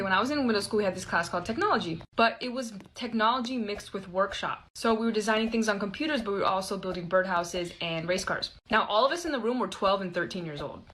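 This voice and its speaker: A woman in her early twenties telling personal stories in a chatty, expressive way, with quick asides to her viewers. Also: mid-range voice, rough recording. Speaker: storyteller. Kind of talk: casual storytime narration.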